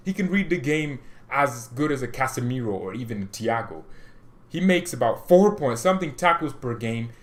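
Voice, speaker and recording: An excitable man hosts a football fan channel in casual chat. His voice sits at a middle pitch and swings between hushed asides and sudden loud bursts. He laughs often and throws in slangy remarks.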